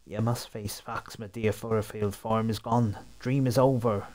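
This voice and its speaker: A man's voice: lowish voice, steady tone, unhurried, darkish tone, natural voice. A man putting on a pompous posh gent. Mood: haughty. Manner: haughty, stuffy.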